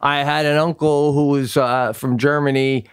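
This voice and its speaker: A man's voice: on the high side, steady tone, moderate pace, smooth. A man co-hosting a casual comedy podcast, playful and laughing as he riffs on jokes. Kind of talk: casual chat.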